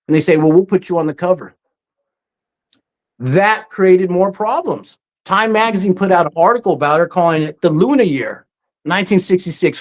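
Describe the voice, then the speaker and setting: A presenter giving a casual, story-driven talk over slides, often pausing with "um" and acting out quoted speech. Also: medium pitch. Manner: frequent ums and restarts.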